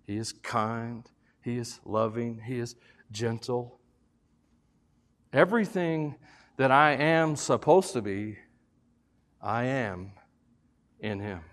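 A man preaching a sermon in church as pastor, swinging between loud preaching and quiet, joking asides. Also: medium pitch, expressive, takes it slowly, long pauses.

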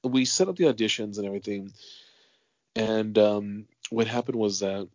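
A man's voice: fairly low pitch, normal speed, darkish tone, no echo, muffled recording. A man hosting a casual interview, telling long rambling stories full of fillers and casual swearing. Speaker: podcast host.

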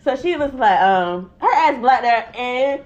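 A woman's voice: on the high side, lively intonation, unhurried. A young woman telling a story in casual chat, acting out the quotes and swearing freely. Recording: dull lo-fi recording.

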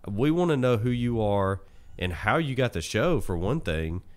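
A man's voice: fairly low pitch, big pitch swings, normal speed. A young man, hosting a casual podcast chat and laughing often. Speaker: podcast host.

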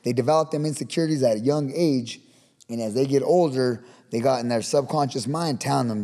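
A man who coaches boxing, talking fast in a casual podcast interview, swearing freely and acting out the shouts he gives his fighters. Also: medium pitch, in a large hall. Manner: profane, fired-up, acts out shouted coaching.

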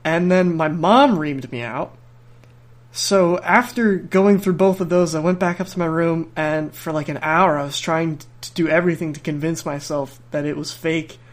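A man's voice: on the high side, normal speed. A young adult man hosting a podcast, telling a casual story in a rambling way with frequent restarts and bursts of laughter. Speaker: podcast host.

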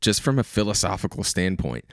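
A man's voice: low voice, big pitch swings, a little fast, no room sound, studio quality. A man co-hosting a podcast, explaining things in casual chat and often restarting his sentences. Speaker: podcast co-host.

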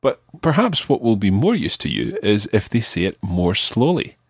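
A man teaching a podcast language lesson, his lowish voice moving in a lively way as he patiently spells out phrases. His tone is slightly husky, recorded dry and close. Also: moderate pace, no room sound.

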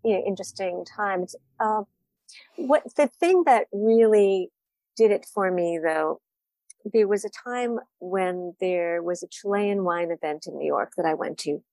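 A woman's voice: mid-range voice, measured pace, darkish tone, no room sound. A woman wine writer answering interview questions, candid and reflective, often laughing at herself.

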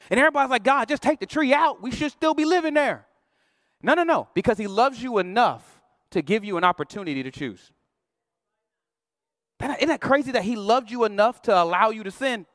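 A man's voice: high voice, a bit bright, no echo, studio quality. A male pastor preaching a sermon in a playful, slangy, conversational way, acting out quoted voices.

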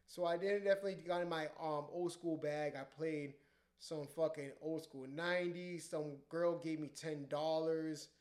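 A young man who works as a DJ, telling profane, animated stories in casual podcast chat. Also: a little high, moderate pace. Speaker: DJ and podcast co-host. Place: podcast studio.

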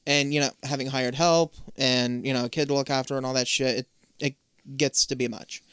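A man with a smooth, resonant voice talks through a show's plot in an easygoing, matter-of-fact way. He is on a close mic with a dry sound and no room echo. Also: mid-range voice, a little fast. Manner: relaxed, matter-of-fact storytelling with swearing. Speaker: podcast co-host. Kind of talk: casual chat recapping a show.

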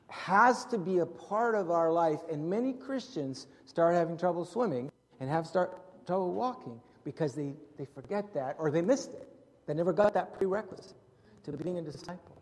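A man preaching a sermon in an animated way, acting out scenes from the Gospels in different voices. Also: on the high side. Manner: animated, acts out Bible scenes with shifting voices. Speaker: pastor. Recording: long hall reverb.

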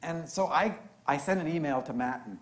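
A man preaching a sermon, telling a story in an animated, conversational way. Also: fairly high pitch, moderate pace. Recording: roomy echo.

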